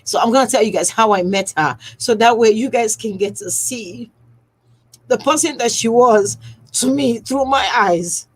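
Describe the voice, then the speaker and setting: In a rough recording, a tearful skincare business owner addresses her livestream viewers directly with heartfelt emotion, nearly crying. She speaks at a moderate pace in a slightly high, somewhat rough voice during this personal stream.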